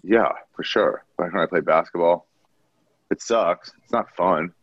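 A young man with a low voice tells profane stories in a loose podcast chat, jumping into higher voices to mimic the people he quotes. The recording is dry and close, with a dull, lo-fi tone. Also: unhurried, breathy edge, dry recording. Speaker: comedian guest.

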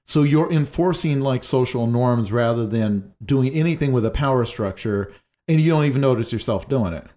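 A man's voice: medium pitch, animated, moderate pace, dark tone. A man talking through ideas in a casual panel discussion, thinking aloud with many fillers. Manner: loose, thinking aloud with frequent "like".

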